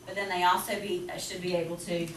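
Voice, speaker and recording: A woman teacher with a Southern US accent, talking to parents about reading in a chatty, lively way. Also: fairly low pitch. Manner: chatty, lively, quick to laugh. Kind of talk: presentation to parents. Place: school classroom. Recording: roomy, distant, noisy classroom recording.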